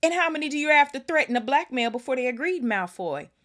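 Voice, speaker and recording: A woman voicing a huge, gruff half-giant gamekeeper who shouts loudly when furious. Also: lowish voice, big pitch swings, normal speed, voice pushed up. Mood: angry. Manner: loud roaring outbursts.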